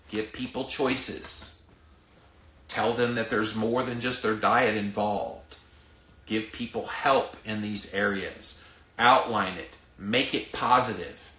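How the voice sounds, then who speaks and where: A man's voice: fairly low pitch, pushed and bright, roomy sound. A middle-aged man with a Southern US accent hosting a podcast, ranting emphatically and speaking straight to his listeners. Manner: emphatic, preachy, addresses listeners directly. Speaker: podcast host. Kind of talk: ranting commentary.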